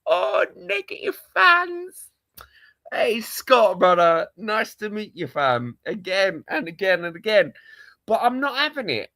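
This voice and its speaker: A man with a London accent, a football fan live streaming casually, rants in an exasperated, repetitive way and swears often. His voice is high, very animated and fairly bright, a little slow, with no echo.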